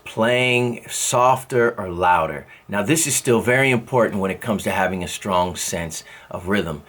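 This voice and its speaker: Male music teacher with a low, husky voice who explains rhythm by counting and scatting the beats. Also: fairly bright tone. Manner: explains with sung drum syllables and counted beats; thinks aloud, with restarts and self-corrections. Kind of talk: spoken music lesson.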